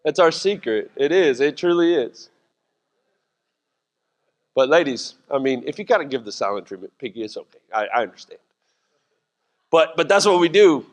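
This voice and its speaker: A man's voice: on the high side, animated, normal speed, pauses often. A middle-aged man, preaching a sermon in a casual, joking, conversational way. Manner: conversational, jokey preaching with voiced asides. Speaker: pastor. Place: church sanctuary. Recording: church hall reverb.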